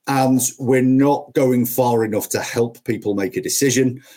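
A middle-aged man, a podcast guest who trains salespeople, tells stories conversationally in a punchy, emphatic style packed with repetition. His voice is medium in pitch and dark in tone, and he takes his time.

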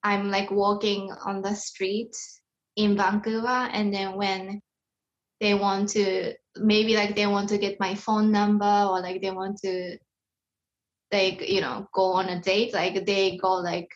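Woman from canada, comedian guest, slow flat delivery, lots of fillers, dull lo-fi sound. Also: mid-range voice. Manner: hesitant, many fillers. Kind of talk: interview answer.

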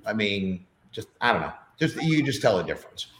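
A man's voice: on the low side, sing-song, a little fast, reverberant, noisy background. A middle-aged man, a podcast guest, chatting casually and telling stories with lots of fillers. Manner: chatty storyteller with many fillers. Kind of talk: casual chat.

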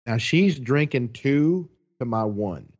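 A man's voice: mid-range voice, takes it slowly, lo-fi sound. Chatty man telling a story. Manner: animated, chatty, quotes people as he goes. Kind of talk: casual storytelling.

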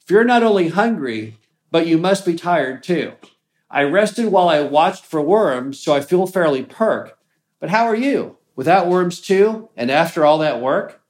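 A man reading aloud as a lazy young rooster who grumbles about hunger, in a slightly raised, drawn-out storytelling voice. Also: a little high, lively intonation, a little mellow, reverberant, voice pushed up. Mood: grumbling.

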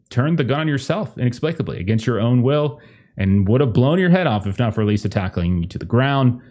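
A man narrating as game master, in a relaxed and rambling way. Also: on the low side.

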